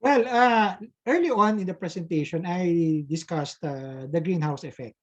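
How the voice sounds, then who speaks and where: A man's voice: on the high side, measured pace. Filipino engineer guy answering webinar questions, lots of uh and "no?", muffled call audio. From Philippines. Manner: hesitant, frequent "uh" and tag "no?". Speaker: resource speaker, engineer. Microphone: video call.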